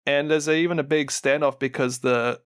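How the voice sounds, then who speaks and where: Animated Kiwi man retelling lore. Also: on the high side, brisk, clear, resonant tone, no echo, studio quality. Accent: New Zealand. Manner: animated, laughs often, acts out quotes. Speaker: podcast co-host.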